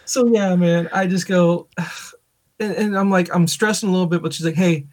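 A man co-hosting a podcast, telling animated stories in casual chat and laughing often. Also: high voice, normal speed. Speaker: podcast co-host.

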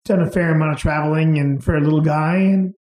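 Interview guest, man, easygoing rambling stories; mellow, slightly high voice in a reverberant room. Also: fast. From England, raised in Canada. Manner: relaxed, rambling with fillers and restarts. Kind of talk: casual storytelling.

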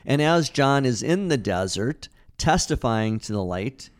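A man's voice: mid-range voice, expressive, a little slow. A man co-hosting a casual Bible study discussion, talking in an earnest, conversational way with frequent restarts.

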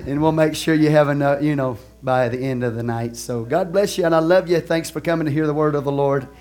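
Texan pastor preaching in loud-soft swings. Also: male voice, on the high side, fairly quick. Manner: laughs and jokes with the congregation. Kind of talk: sermon.

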